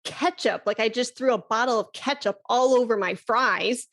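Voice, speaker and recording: Lively woman flute teacher, slightly high voice, podcast guest chatting and laughing. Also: moderate pace. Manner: animated, laughs often, demonstrates breath sounds. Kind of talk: casual podcast conversation.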